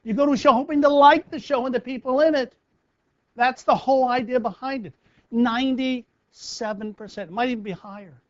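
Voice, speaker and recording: A man from the United States, a live performance coach, giving a motivational talk and acting out stories with lively character bits. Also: extremely high pitch, a little fast, no echo, highs cut off. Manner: animated storyteller acting out scenes.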